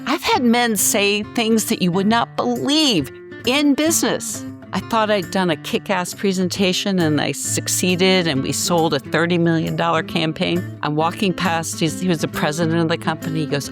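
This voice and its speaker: A woman's voice: fairly low pitch, moderate pace, over music. A woman in her sixties from Virginia, telling stories bluntly and passionately as a podcast guest. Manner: passionate, blunt, animated storytelling. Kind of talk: candid podcast interview.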